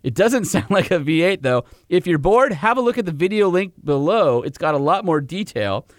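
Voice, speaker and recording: A man's voice: high voice, lively intonation, normal speed, dry recording, studio quality. A middle-aged man co-hosting a podcast in casual chat, giggly and laughing between phrases. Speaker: podcast co-host.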